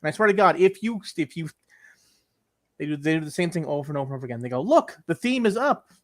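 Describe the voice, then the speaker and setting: A man's voice: on the high side, animated, very fast, a bit bright. A young man co-hosting a podcast, ranting with exasperation and swearing, acting out his calls to tech support. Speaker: podcast co-host. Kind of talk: casual chat.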